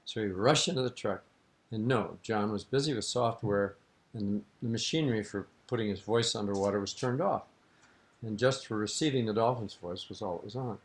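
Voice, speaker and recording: A man's voice: lowish voice, moderate pace. An older man being interviewed, telling a long, rambling anecdote in an amused tone, on an archival tape recording. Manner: rambling, amused, breaks into laughter. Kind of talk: anecdotal storytelling.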